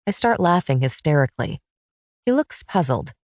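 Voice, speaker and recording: A woman narrating a first-person romance audiobook in an expressive, intimate manner. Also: low voice, moderate pace, dry recording, clean studio sound.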